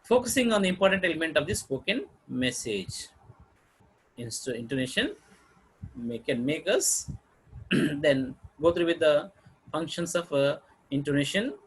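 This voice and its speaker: Teacher, male, husky and fairly high voice, halting lecture delivery with repeated examples. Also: lively intonation, low-quality recording. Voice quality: husky, clears throat often. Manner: slow, halting explanation with fillers and repeated example phrases. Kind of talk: lecture on intonation.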